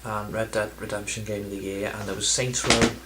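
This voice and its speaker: A man's voice: lowish voice, level tone, brisk, heavy background noise. A man chatting in a casual vlog, rambling and self-deprecating, with plenty of ums and restarts. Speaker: video game collector vlogger.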